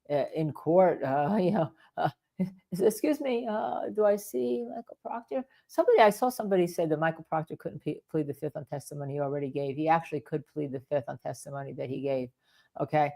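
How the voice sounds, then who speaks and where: A woman's voice: low-pitched, dark tone. An older woman who is a defense attorney, hosting live legal commentary in a rambling way and repeating points for emphasis.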